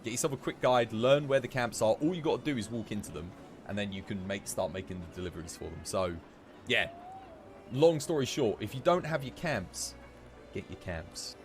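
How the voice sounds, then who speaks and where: A man streaming live and chatting casually as he plays, given to high giggling fits. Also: moderate pace, faint music behind. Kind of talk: live gameplay commentary.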